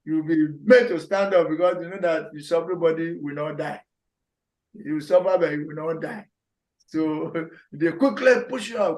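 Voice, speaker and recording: A man teaching a scripture class online, animated, repeating words and acting out scolding voices. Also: fairly high pitch, moderate pace.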